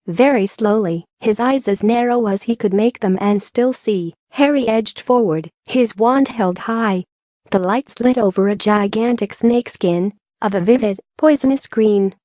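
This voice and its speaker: A woman reading an audiobook in measured, even storytelling narration. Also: mid-range voice, no room sound, clean studio sound. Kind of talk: scripted narration.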